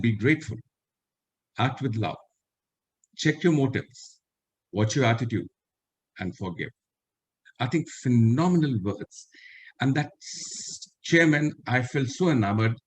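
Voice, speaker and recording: The speaker is an older retired army general with an Indian English accent, delivering an earnest storytelling talk to a webinar by video call. His mid-range voice has a breathy edge, and he repeats the lines he wants to stress while quoting others in direct speech.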